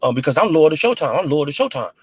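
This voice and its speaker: A man's voice: a little high, sing-song, fast talker, breathy edge, no echo. A man putting on a mocking impression of a stammering male rapper who stalls on filler sounds.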